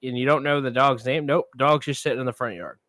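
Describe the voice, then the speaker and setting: The voice is a man's, medium-pitched and quick, with no echo. He co-hosts a film podcast and, chatting casually, works through a long anecdote, lively acting out each person he quotes.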